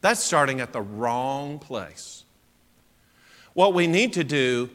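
A man preaching a sermon in an animated way, full of rhetorical questions. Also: medium pitch, slow pace, long pauses, big-room sound.

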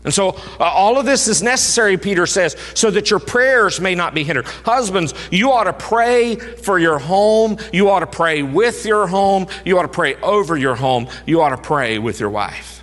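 A male pastor preaching a sermon, emphatic, swinging from raised urging to hushed low tones. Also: lively intonation, normal speed, few pauses. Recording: reverberant hall.

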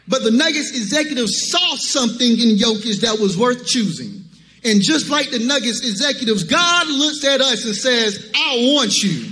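A man's voice: extremely high pitch, pushed and bright, long reverb tail, slight background noise. A man preaching a sermon to his church, emphatic and calling out to the congregation with rhetorical questions. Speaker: pastor. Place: church sanctuary.

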